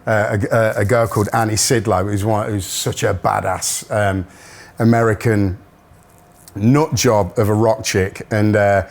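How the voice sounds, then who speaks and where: A man's voice: lowish voice, steady tone, a little slow, gravelly. A middle-aged man, a musician guest telling stories in casual chat and laughing often. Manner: chatty storyteller, laughs often.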